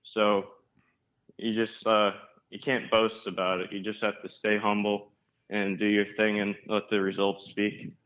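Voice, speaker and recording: A young man, a race car driver, answering interview questions in a flat, composed, low-key way. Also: unhurried, highs cut off. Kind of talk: casual interview.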